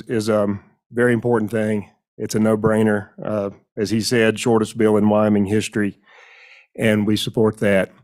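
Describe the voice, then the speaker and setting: Male witness at a legislative hearing; steady, deliberate delivery with firm emphasis. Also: medium pitch. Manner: measured, emphatic, with stressed key words. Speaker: witness testifying to a legislative committee. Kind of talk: formal public testimony.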